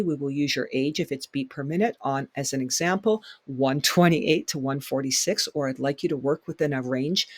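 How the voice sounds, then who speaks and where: A man's voice: fairly high pitch, no echo. A man leading a fitness workshop as instructor, speaking emphatically and repeating his key points for the class. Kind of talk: workshop lecture.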